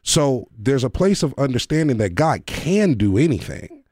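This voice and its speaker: A man hosting a faith-based talk show, explaining ideas with examples and pressing his guest to slow down and repeat key points. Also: mid-range voice, big pitch swings, a little mellow, dry recording, studio quality. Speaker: podcast host.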